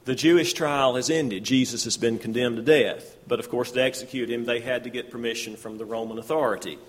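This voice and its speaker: Preacher with a ringing hall echo. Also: male voice, medium pitch, steady tone, fairly quick. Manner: expository, reads scripture aloud and acts out the speakers' lines. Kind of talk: sermon.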